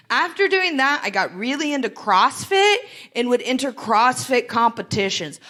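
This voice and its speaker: A woman in her late thirties from Ohio, performing a live stand-up set on a theatre stage with animated, exaggerated delivery. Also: high-pitched. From Greenville, Ohio, USA. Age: 30s. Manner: animated, exaggerated whiny impressions of friends. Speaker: stand-up comedian.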